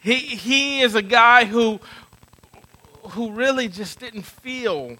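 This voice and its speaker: A man preaching a sermon as pastor, earnest, often restarting and repeating words, moving between hushed, low passages and loud, emphatic stretches. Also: takes it slowly, low-quality recording.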